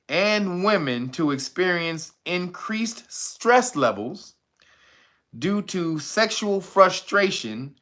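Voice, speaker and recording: A man's voice: a little high, bright, forceful tone. A man hosting a livestream, reading a news item and riffing on it with crude jokes, laughing often and greeting viewers in the chat. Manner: laughs a lot, crude and rambling, reads chat names aloud. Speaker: livestream host. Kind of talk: loose comic commentary on a livestream.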